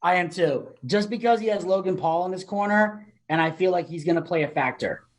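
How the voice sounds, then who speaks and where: A man's voice: sits high, brisk. A man co-hosting a casual podcast, chatty and explaining his picks at length. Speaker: co-host.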